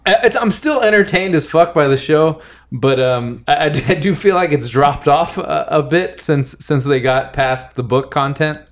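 A man's voice: fairly high pitch, moderate pace. A man hosting a casual comedy podcast from a studio, rambling and full of fillers. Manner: rambling, laughs a lot, many fillers. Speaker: podcast host.

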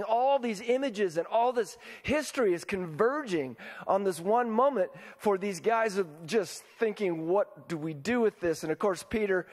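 A man's voice: high-pitched, in a large hall. A man preaching a sermon as pastor, talking casually and often checking in with his listeners by asking them questions. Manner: conversational, asks the congregation questions.

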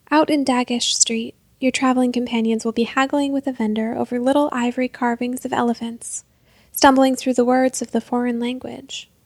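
Soft-spoken woman narrating a story. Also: a little high, no echo. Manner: soft, often half-whispered, unhurried.

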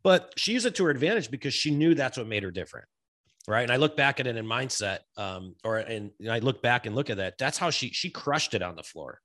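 A man's voice: mid-range voice, expressive, a little fast, a bit bright. A male podcast host talking in a loose, conversational way. He is chatty, laughs easily and uses plenty of slang. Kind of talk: casual podcast interview.

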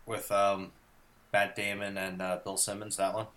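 A man in casual movie chat with friends, an animated storyteller who laughs often and slips into voices for the people he describes. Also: on the low side, moderate pace. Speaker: podcast co-host.

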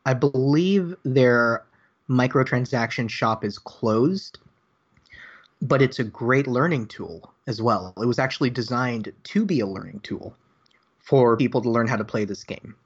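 A man's voice: mid-range voice, unhurried, breathy edge, dull audio. A man talking as a guest on a podcast, explaining a card game with enthusiasm. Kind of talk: casual podcast chat.

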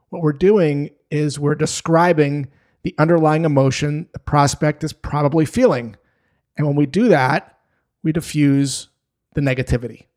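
A man teaching sales skills in a direct, plain-spoken way, with deliberate pauses. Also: fairly high pitch, darkish tone. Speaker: sales trainer. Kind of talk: instructional talk to camera.

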